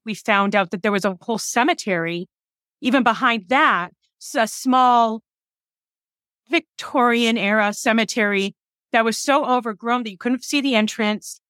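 A woman's voice: on the high side, fairly bright tone, no echo, clean studio sound. A woman in her forties from telling stories as an interview guest, laughing often and acting out quoted dialogue. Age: 40s. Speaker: guest, cemetery preservation business owner. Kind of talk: casual interview storytelling.

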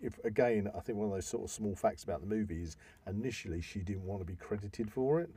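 Dark husky-voiced man sharing film trivia. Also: fairly low pitch, quick pace. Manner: hesitant, repeats words, shares trivia. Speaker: podcast co-host. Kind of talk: casual film chat.

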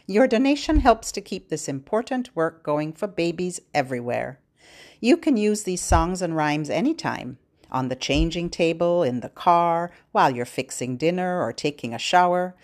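A woman's voice: fairly low pitch, sing-song, normal speed, darkish tone. A woman hosting a podcast for babies and parents, singing songs and rhymes in a cheerful, sing-song way with playful sound effects.

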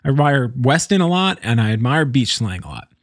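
A man talking casually about someone he knows from the music scene, halting and repeating words as he goes. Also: mid-range voice, big pitch swings, no room sound, clean studio sound. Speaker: musician commenting on scene news. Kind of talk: casual spoken commentary.

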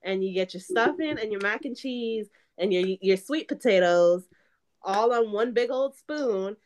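A woman co-hosting a casual podcast chat in a playful, relaxed way. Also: mid-range voice, measured pace. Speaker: podcast co-host.

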